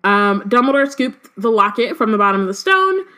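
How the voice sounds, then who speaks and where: A woman's voice: on the high side, sing-song, brisk, sharp tone. A woman reading a book aloud and breaking off into casual slangy commentary, full of "um" and "like". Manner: many fillers and "like", loose slangy asides. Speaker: podcast co-host reading and discussing a book.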